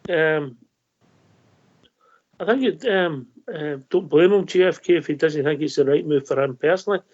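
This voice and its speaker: A man's voice: fairly high pitch, normal speed, darkish tone. A man co-hosting a radio football show, chatty and teasing in casual chat. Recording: dull lo-fi broadcast audio.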